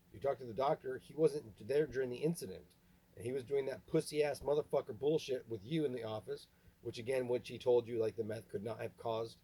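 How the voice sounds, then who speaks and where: A man delivering an angry, halting rant to camera, full of restarts and swearing. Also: mid-range voice, warm tone, husky, rough recording. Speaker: vlogger. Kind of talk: ranting monologue to camera.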